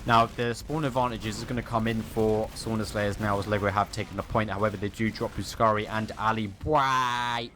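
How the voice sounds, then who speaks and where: A man's voice: fairly low pitch, flat delivery, brisk, few pauses, a bit bright, slight background noise. A man casting a live esports match, joking and teasing his co-caster between plays. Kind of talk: live game commentary.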